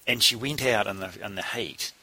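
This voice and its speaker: A man's voice: fairly low pitch, normal speed, bright, forceful tone. A man, a cycling coach telling a blunt, salty story in casual conversation.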